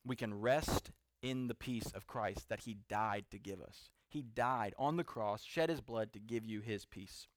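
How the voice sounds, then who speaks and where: A man's voice: fairly low pitch, a little slow, hardly any pauses, no echo. Man, pastor, sermon, earnest, builds and drops, dry sound. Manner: earnest, builds to emphatic peaks then drops soft. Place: room with a seated congregation.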